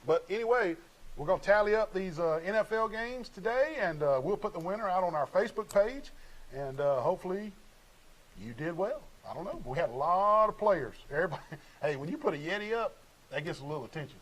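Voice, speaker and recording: A man's voice: sits high, animated, fairly quick, a bit bright, low-quality recording. A middle-aged man hosting a casual local sports talk show, chatty and folksy as he runs through sponsor plugs.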